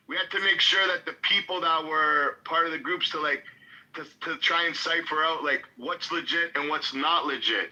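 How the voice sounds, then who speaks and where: A man's voice: fairly high pitch, pushed and bright, low-quality recording. A man telling a long, profane story in casual chat, full of fillers and quoted voices.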